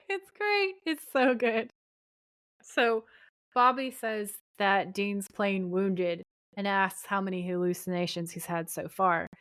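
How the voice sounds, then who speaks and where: A woman co-hosting a casual podcast, recapping episodes in a middle-pitched voice. She acts out the quoted lines in animated put-on voices. The sound is close and dry. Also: slow, dry recording. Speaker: podcast co-host.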